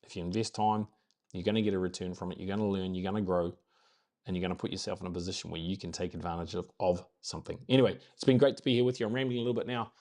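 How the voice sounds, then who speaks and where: A New Zealand man with a fairly low voice hosts a relaxed morning live stream. He chats in an upbeat, rambling way and circles back to repeat his main points for emphasis. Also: racing. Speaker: host of a daily live stream. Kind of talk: casual motivational live-stream chat.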